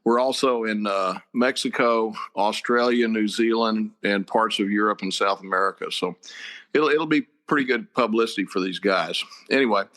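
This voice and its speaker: An older man, a head football coach, telling stories in a casual chat, with a lively, laughing manner. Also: lowish voice, normal speed. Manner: animated, laughing storyteller.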